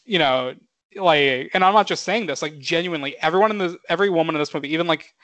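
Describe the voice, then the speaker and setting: Man, podcast co-host, casual rambling chat, swears, fairly high voice, dry sound. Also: fast, a bit bright, no room sound. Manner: rambling, filler-heavy, swears, laughs often.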